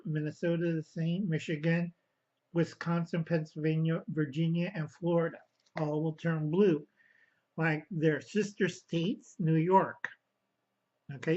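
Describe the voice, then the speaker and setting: Slow, rambling man ranting to viewers. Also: on the high side, a little mellow, lo-fi sound. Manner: slow, rambling, stops to correct himself; angry, addresses viewers as kids. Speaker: vlogger. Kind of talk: casual political rant to camera.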